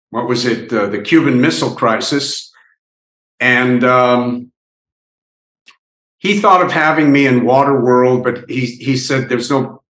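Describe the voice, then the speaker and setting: Slow-talking older man in an echoey room. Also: mid-range voice, bright, forceful tone. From United States. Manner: rambling, halting storytelling with many restarts. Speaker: actor interviewee. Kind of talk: reminiscing interview.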